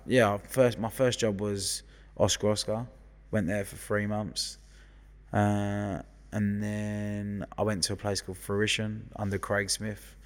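Brief: London-accented man, thirties, low voice, sweary storyteller, long reverb in the room. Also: level tone, slow pace. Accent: London English. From London, England. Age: 30s. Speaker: guest hairdresser. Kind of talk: casual chat.

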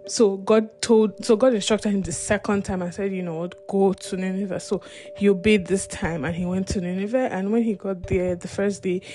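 A woman's voice: medium pitch, a little mellow. Woman leading a Bible study, mid-range voice, chatty retelling full of laughs and asides. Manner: chatty, laughs often, many "you know" fillers.

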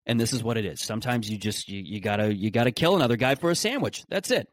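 A man's voice: fairly low pitch, expressive, fast talker. A man hosting a podcast in a casual solo monologue, rambling and sarcastic, with frequent restarts. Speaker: podcast host.

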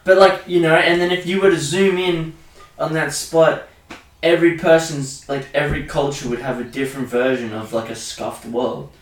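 A young Australian man talking in loose, crude podcast banter, full of swearing and animated rants. His voice sits a bit high, and he sounds off-mic in an echoey room. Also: normal speed, recorded from a distance. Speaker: podcast co-host. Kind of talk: casual podcast chat.

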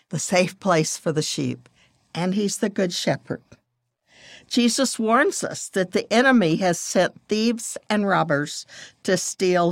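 Slow, gravelly older woman teaching scripture. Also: fairly low pitch, no echo, clean studio sound. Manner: gentle, measured scripture reading. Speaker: devotional speaker. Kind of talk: devotional teaching.

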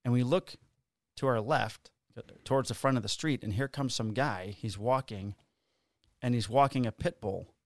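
A man's voice: medium pitch, normal speed, dry recording, studio quality. A man co-hosting a casual podcast, rambling through stories, jokes and a sponsor read. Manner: joking, rambling storyteller. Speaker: podcast co-host. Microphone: studio podcast mic.

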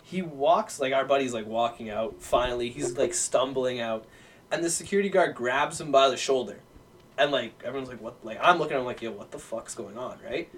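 A man's voice: medium pitch, brisk, a bit bright. A young man, a podcast guest, telling a rambling story in casual chat, full of fillers and swearing. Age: young adult. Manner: rambling, filler-heavy, profane.

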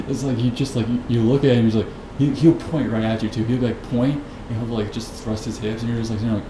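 A man's voice: mid-range voice, level tone, fast talker, hardly any pauses. A man hosting a podcast and telling a story as a profane, rambling, incredulous rant. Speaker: podcast host. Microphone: podcast mic. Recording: echoey room with background noise.

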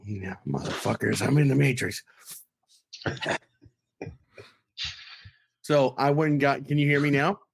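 A man with a mid-pitched voice joking around on a podcast, teasing and swearing freely. The sound is dry and close. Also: a little slow, vocal fry, pauses often, breathy edge, no room sound. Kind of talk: casual chat.

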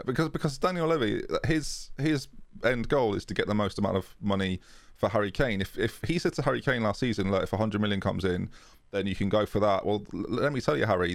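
Gravelly low-voiced British man chatting. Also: a little fast, no echo. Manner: chatty, rambling, jokey. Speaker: podcast co-host. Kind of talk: casual football chat.

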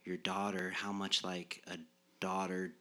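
Very deep, bright-toned man reflecting. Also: monotone, measured pace. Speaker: podcast co-host. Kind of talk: reflective casual conversation.

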